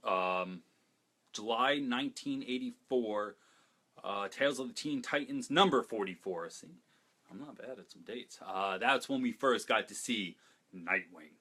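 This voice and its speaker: A fairly low-pitched man talks casually and eagerly to his viewers as a show host. He rambles, jokes, and starts sentences over again as he goes. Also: unhurried, sharp tone, breathy edge. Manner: enthusiastic, rambling and jokey, with many asides and restarts. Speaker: host of a comics talk show. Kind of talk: casual solo fan talk to camera.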